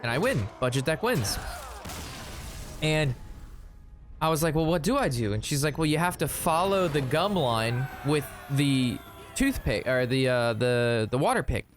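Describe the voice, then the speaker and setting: A man's voice: medium pitch, a little slow. Rambling man telling a story while gaming. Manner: rambling, animated retelling with quoted voices. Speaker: gaming streamer. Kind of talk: casual gameplay commentary with storytelling.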